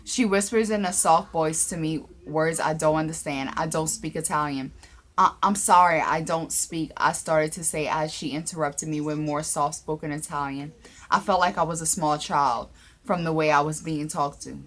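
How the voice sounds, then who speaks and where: A woman's voice: low-pitched, fairly even intonation, moderate pace, a bit bright. A woman narrating a first-person story aloud, with small slips and restarts as she reads.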